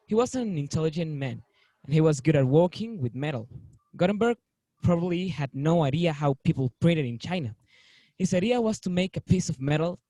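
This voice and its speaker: A man's voice: fairly high pitch, mellow, no echo, low-quality recording. A male student who reads a passage aloud in class, now and then slipping and correcting himself. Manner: reads with small slips and self-corrections.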